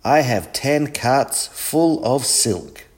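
A man voicing a proud, wealthy sultan in a storybook reading, with a showy, drawn-out delivery. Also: medium pitch, animated, voice pushed up.

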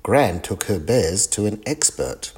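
Slow, husky-voiced man reading a storybook. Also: lowish voice, big pitch swings, a little mellow. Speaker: storybook reader.

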